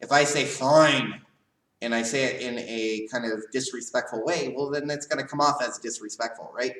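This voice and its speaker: A man teaching a live leadership class for a karate school, in a casual coaching tone with a steady stream of "right?" checks. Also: medium pitch, brisk. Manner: casual coaching tone, asks "right?" often, varies volume. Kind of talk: live online class lecture. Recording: echoey room, voice a bit far from the mic.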